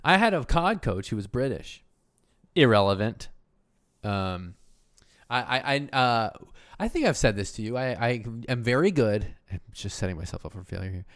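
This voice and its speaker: A man with a lowish voice hosts a casual livestream, talking in loose, rambling runs. He keeps breaking off mid-thought and laughing. The sound is close and dry, with no room around it. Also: sing-song, moderate pace, a bit bright, no echo. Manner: rambling, self-interrupting, laughs often. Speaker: host.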